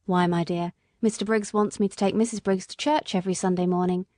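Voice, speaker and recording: Brief: a woman reading as an earnest working-class cabman, mellow and dry-toned. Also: lowish voice, steady tone, a little fast, no room sound, close to an everyday voice. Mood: steady.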